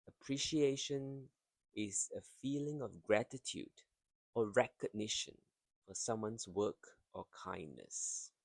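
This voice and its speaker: A man teaching English vocabulary, drawing out each word slowly and carefully to show its rhythm and stress. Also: lowish voice, vocal fry, no room sound. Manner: slow, careful, drawn-out pronunciation drills. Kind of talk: vocabulary lesson.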